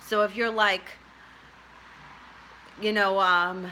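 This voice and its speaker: Woman, middle-aged, vlogger, chatty storytelling, self-mocking laughs, bright forceful voice. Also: medium pitch, steady tone, takes it slowly, long pauses, a little hiss or hum. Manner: chatty, rambling, laughs at herself. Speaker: tarot reader and spiritual vlogger. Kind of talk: casual personal storytelling to camera.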